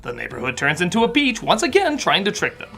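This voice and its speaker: A woman reviewing a film as comedic narration, sarcastic, with sudden shouted outbursts. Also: on the low side, wildly swooping pitch, fast, creaky.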